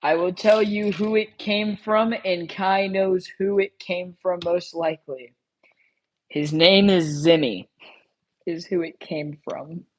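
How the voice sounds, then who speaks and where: A woman streamer in a loose live-stream chat, talking straight to her viewers. Her voice sits a little low, and she drawls slowly, circling back and repeating herself as she rambles. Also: fairly even intonation, low-quality recording.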